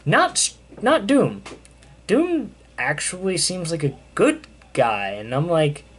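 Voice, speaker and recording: A man's voice: fairly high pitch, big pitch swings, slow pace, fairly bright tone, slightly rough. A young man casually recapping a comic in a loose, rambling way with lots of fillers. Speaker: comic book reviewer. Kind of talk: casual chat.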